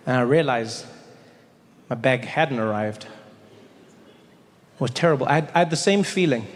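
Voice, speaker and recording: A male stand-up comedian telling a travel story on stage, animated and quick to jump into high quoted voices, on a handheld mic. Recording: long hall reverb, faint noise.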